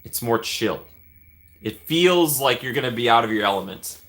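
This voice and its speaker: A man's voice: medium pitch, animated, normal speed, a bit bright. A man hosting a casual live stream, chatting with viewers by name and laughing often.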